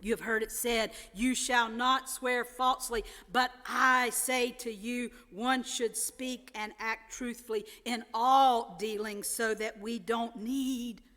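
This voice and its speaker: A woman pastor preaching a sermon in a measured way, lifting her voice to stress quoted words. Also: a little high, level tone, pushed and bright. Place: large church sanctuary. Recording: long church reverb.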